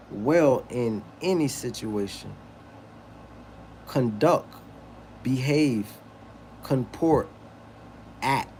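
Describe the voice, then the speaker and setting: A man hosting a livestream, reading lists of words aloud slowly and deliberately, with casual asides. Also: mid-range voice, darkish tone, a little hiss or hum. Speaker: livestream host.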